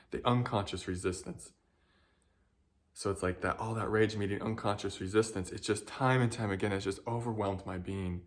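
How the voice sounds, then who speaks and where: Earnest man with a lowish voice. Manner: earnest, emotional, searching for words. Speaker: spiritual guide. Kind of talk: heartfelt personal reflection.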